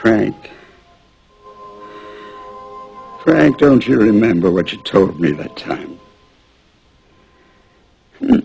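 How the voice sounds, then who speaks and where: An actor in his sixties playing a worn-out, proud old salesman who rambles, pleads and bursts into shouting. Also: on the low side, sing-song, slow pace, gravelly, husky, soft background music, heavily acted, poor audio. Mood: dazed. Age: 60s. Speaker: aging traveling salesman. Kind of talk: film drama acting.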